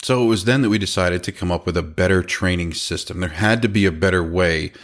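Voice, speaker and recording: A man's voice: low voice, a little fast. A man in his thirties, a business owner casually telling a story about his company and quoting the people in it. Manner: animated, quotes people in their own voices.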